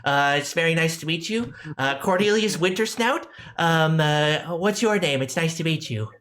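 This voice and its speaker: Picture a man putting on a nasal, childlike voice for a cheerful blacksmith in a tabletop game. He is chatty and polite, stumbling along in a lively, high voice. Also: moderate pace. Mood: friendly. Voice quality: nasal kid-like voice. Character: nasal-voiced friendly male toy blacksmith.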